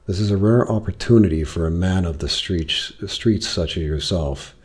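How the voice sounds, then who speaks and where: Commanding, formal rich father, voiced by a man, measured and stiff, low and husky. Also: a little mellow. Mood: stern. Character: formal, commanding wealthy older father and magnate.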